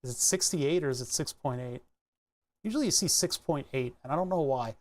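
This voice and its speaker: A streamer thinking aloud in a relaxed livestream, muttering to themselves, trailing off mid-sentence and often correcting themselves. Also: mid-range voice, fairly quick. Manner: muttering to self, frequent self-corrections.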